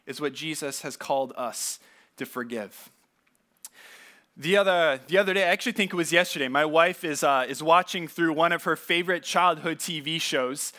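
A pastor giving a conversational sermon, telling stories casually with asides and repeated words. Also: male voice, on the high side, normal speed, pushed and bright.

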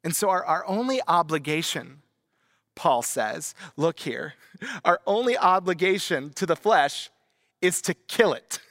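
Gravelly, animated male preacher. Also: a little high, unhurried, no room sound, studio quality. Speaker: pastor. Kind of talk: sermon.

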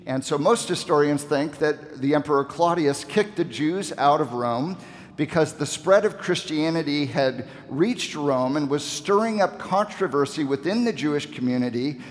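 Man, preacher, sermon, rhetorical questions, fairly high voice, long hall reverb.

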